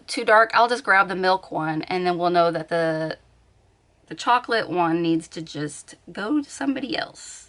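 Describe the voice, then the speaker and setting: Slow-talking bright-voiced woman vlogger. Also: fairly low pitch. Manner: chatty, laughs often, thinks aloud. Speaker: beauty vlogger. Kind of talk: casual chat. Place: at home on a bed.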